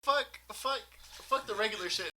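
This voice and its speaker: A man's voice: sits high, normal speed, a crowd in the background. A man from Texas, a podcast guest, chatting casually, swearing freely and laughing often. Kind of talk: casual chat.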